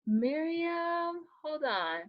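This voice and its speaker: High, animated woman on a video call. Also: dull audio. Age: 30s. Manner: excitable and exclamatory, quick to laugh. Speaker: author and birthday guest. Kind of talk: casual live video chat.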